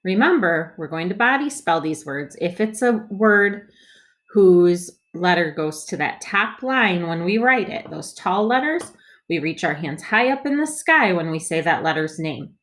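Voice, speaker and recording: A woman teaching an early reading lesson, stretching out each sound and word with slow, deliberate care. Her voice sits a little low, and she leaves pauses for young readers to repeat after her. The tone stays patient and encouraging. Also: lively intonation, fairly bright tone. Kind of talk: phonics lesson for young children.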